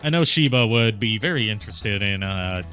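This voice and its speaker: A man's voice: fairly low pitch, expressive, a little fast, bright, forceful tone, soft background music. A man hosting a game stream, chatting casually and rambling with frequent laughs. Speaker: streamer host.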